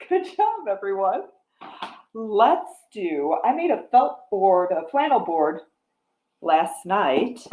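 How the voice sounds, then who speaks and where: A woman, a children's librarian, reading a picture book aloud at storytime, coaxing young children to join in with gentle encouragement. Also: medium pitch. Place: library room. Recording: roomy echo.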